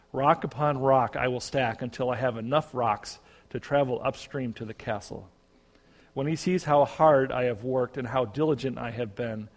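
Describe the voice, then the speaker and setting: A man's voice: medium pitch, darkish tone, lightly acted. A man doing a determined, toiling brother. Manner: determined, earnest. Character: desperate brother trying to earn his way home. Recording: long reverb.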